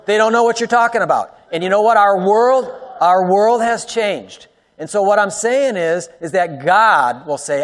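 A man preaching a sermon to his congregation, swinging between loud emphatic lines and hushed soft ones and asking the room rhetorical questions. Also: high-pitched, animated, a little slow, big-room sound. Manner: talks directly to the congregation, asks rhetorical questions. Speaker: pastor.

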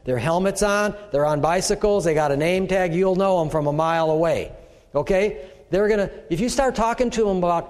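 A man's voice: high voice, a little fast, darkish tone. A middle-aged man preaching a conversational sermon, often acting out the voices he quotes. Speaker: pastor. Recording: echoey hall with long reverb.

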